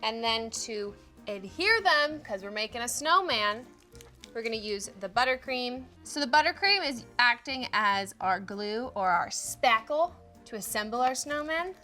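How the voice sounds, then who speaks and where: A woman's voice: fairly high pitch, animated, a little slow, pushed and bright, faint music behind. A woman hosting a cooking show, chatting playfully through a casual baking demonstration and filling her speech with fillers.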